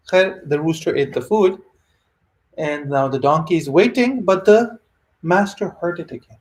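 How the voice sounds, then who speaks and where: Lively man telling a sermon story. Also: on the high side, moderate pace. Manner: lively, conversational storytelling with asides to listeners. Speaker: religious teacher.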